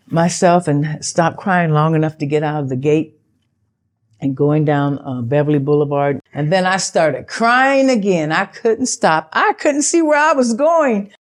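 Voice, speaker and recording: Older woman telling a lively story, low-pitched. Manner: animated, acts out quoted dialogue with big pitch jumps; chatty, loose, with fillers and self-interruptions. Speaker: actress interview guest. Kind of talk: storytelling in a sit-down interview.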